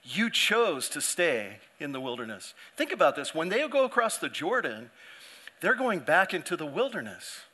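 A man's voice: on the high side, big pitch swings, moderate pace, sharp tone. A male pastor preaching a sermon in a conversational way, often restarting his sentences and acting out the people he quotes.

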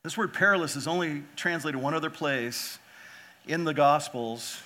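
A man preaching a sermon as pastor, lively and animated, often putting rhetorical questions to his listeners. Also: fairly high pitch, normal speed.

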